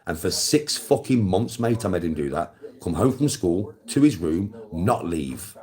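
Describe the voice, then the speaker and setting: Ranting English man with a lively low voice. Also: measured pace, hardly any pauses. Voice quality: coarse, swearing, lively delivery. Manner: lectures the viewer directly, answers chat. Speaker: live-stream host. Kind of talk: blunt ranting monologue.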